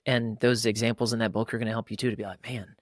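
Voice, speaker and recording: With a lowish voice, flat delivery and a fast pace, this podcast-hosting pastor and father of young boys talks sincerely and casually about raising kids. He raises his voice to act out bits of dialogue, captured in a dry, clean studio recording.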